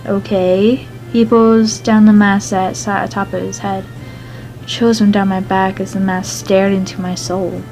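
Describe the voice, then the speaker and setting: A woman reads a story aloud at an ordinary pitch, now and then stumbling over a word. Soft music runs behind her. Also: level tone, measured pace, low-quality recording. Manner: plain reading, with some stumbles. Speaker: fan fiction reader.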